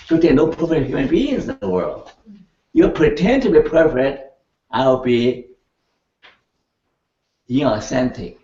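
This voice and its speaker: An older man lecturing a class in an animated way, laughing and checking in with his students as he goes. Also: mid-range voice. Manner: animated, laughing, keeps asking the class "right?". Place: lecture room. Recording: echoey, distant, dull room recording.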